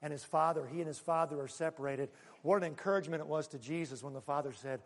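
A male pastor preaching a sermon, moving from loud bursts to hushed asides. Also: on the high side, fast talker, hardly any pauses, in a large hall. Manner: animated, swinging from loud exclamations to hushed asides.

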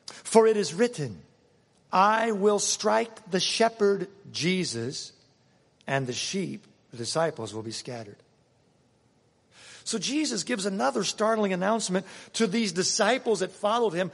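A man preaching a sermon and reading scripture aloud, emphatic, swinging between loud passages and hushed ones. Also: high-pitched, very animated, moderate pace. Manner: dramatic reading of scripture quotes. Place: church. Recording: long reverb of a church hall.

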